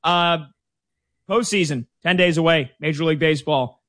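A man's voice: fairly high pitch, moderate pace, a bit bright, no echo, studio quality. A man hosting a radio sports betting show, breezy and joking as he plugs his guest. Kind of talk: casual radio sports talk.

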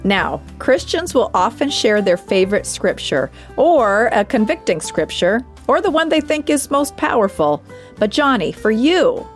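A woman's voice: a little high, very animated, unhurried, faint music behind. A woman co-hosting a christian radio show, introducing a question in a friendly, conversational way. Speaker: radio co-host.

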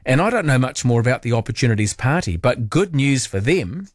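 A man's voice: medium pitch, sing-song, a little fast, no echo, studio quality. A man hosting talkback radio, chatty and opinionated, musing aloud with playful asides.

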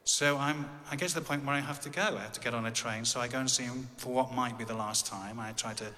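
A man's voice: medium pitch, fast talker, sharp tone, long reverb tail. An English man telling a personal story in a conversational way with dry, wry humor. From England.

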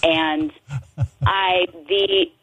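A woman calls in to a radio show and tells a story against herself in a wry, self-deprecating way. Her voice is quite low for a woman. It comes through a tinny phone line. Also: steady tone, extremely slow, fairly bright tone. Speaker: radio caller.

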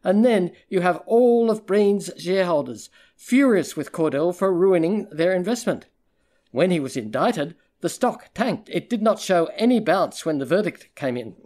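A man voicing a sharp, sarcastic woman detective. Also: high-pitched, lively intonation, moderate pace. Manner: cutting, sarcastic. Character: sharp-tongued female private investigator.

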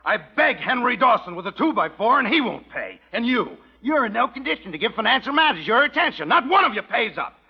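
A raspy, blustering rancher. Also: male voice, extremely high pitch, very animated, fairly quick, few pauses, exaggerated voice. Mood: ranting. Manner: blustering, ranting, self-pitying. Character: hot-tempered rancher hounding a widow for money. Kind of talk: 1940s radio acting. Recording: dull lo-fi old radio recording.

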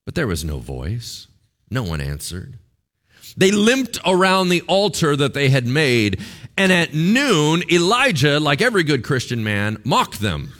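A male pastor delivering a sermon in an animated, joking way, slipping into voices for the people in the story. His voice sits a little high and swings widely in pitch. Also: a little slow.

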